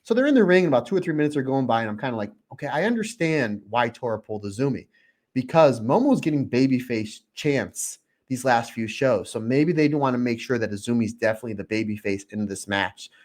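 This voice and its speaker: A man co-hosting a podcast in casual chat, talking excitedly and acting out his own reactions with open emotion. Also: medium pitch, fast, few pauses. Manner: openly emotional. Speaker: podcast co-host.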